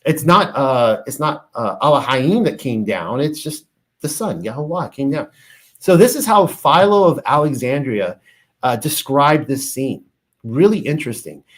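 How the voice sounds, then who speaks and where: A man's voice: medium pitch, expressive, measured pace, fairly bright tone. A man teaching on ancient religious texts, reading passages aloud and then explaining them in a casual, filler-laden way. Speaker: bible teacher.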